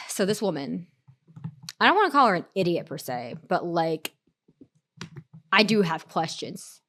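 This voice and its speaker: Brief: young woman streamer, chatty rambling storyteller, bouncy lively intonation. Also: lowish voice, measured pace, long pauses. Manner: rambling, full of "like" and restarts. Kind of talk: casual storytelling chat during a game stream.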